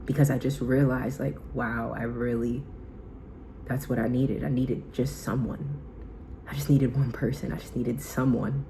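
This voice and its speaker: A woman vlogger giving a heartfelt self-help talk in a soft, intimate, casual way, often slipping into whispers. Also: very deep voice, little pitch movement, unhurried, a little hiss or hum, poor audio.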